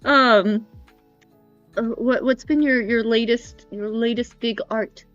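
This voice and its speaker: A woman's voice: a little high, steady tone, slow, smooth, no room sound. A woman hosting a stream, chatting casually and playing along with giggles. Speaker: streamer host. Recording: dry, dull lo-fi stream audio, faint music.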